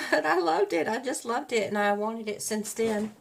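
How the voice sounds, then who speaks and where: A woman's voice: on the high side, lively intonation, moderate pace, creaky. A woman in her fifties chatting casually as a beauty vlogger, rambling and correcting herself as she goes while getting ready at home. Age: 50s. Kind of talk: casual chat.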